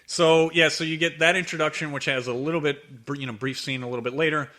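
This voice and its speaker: A man's voice: fairly high pitch, fairly even intonation, quick pace, pushed and bright. A man co-hosting a podcast, casually summarizing a movie's plot in loose, run-on sentences. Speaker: podcast co-host. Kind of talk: casual film discussion.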